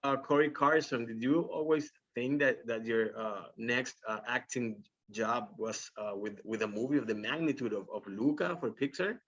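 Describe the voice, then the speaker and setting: Halting male interviewer, dull sound. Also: mid-range voice, fairly bright tone, husky. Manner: halting, with many repeated words and fillers. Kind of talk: press junket interview.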